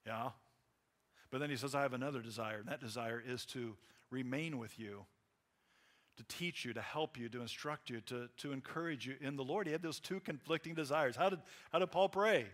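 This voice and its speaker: A man preaching a sermon in a conversational way, acting out little quotes and swinging between loud emphasis and quiet asides. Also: mid-range voice, a little fast. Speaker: pastor.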